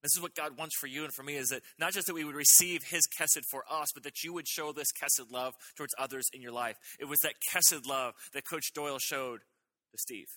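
A man's voice: a little high, steady tone, a little fast, sharp tone. A middle-aged male pastor preaching a sermon, emphatic and repetitive, pressing his main points again and again. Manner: emphatic, repetitive preaching with rising intensity on key phrases.

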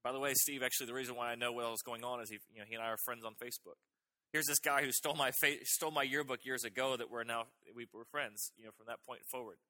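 A man's voice: medium pitch, steady tone, quick pace, pushed and bright. A middle-aged male pastor preaching a sermon, emphatic and repetitive, pressing his main points again and again. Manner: emphatic, repetitive preaching with rising intensity on key phrases.

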